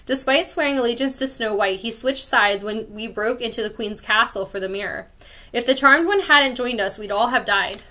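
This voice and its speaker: Serious warrior lady from a storybook, woman reading, firm, bright. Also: on the high side, normal speed. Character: stern sword-carrying woman rebel warrior.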